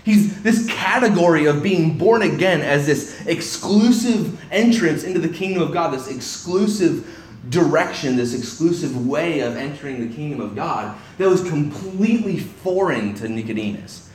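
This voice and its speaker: A man's voice: on the high side, animated, normal speed. A man preaching an expository sermon in a church hall, talking conversationally with frequent restarts and voicing the people he quotes. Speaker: pastor. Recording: echoey room, faint hiss.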